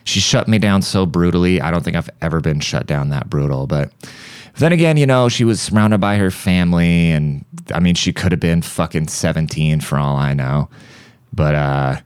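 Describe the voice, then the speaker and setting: A man with a very low, smooth voice rambles through comic stories on his podcast, swearing freely and mimicking music with his mouth. The recording is dry and close, with no room sound. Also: moderate pace, no room sound. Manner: profane, rambling, breaks into mouth-made beat sounds. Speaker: podcast host. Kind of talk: casual comedic storytelling. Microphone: studio podcast mic.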